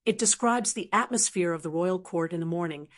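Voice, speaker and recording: A woman's voice: fairly low pitch, brisk, lightly acted. A woman voicing a poised young female court official, in an audiobook reading. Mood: gracious. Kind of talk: audiobook narration.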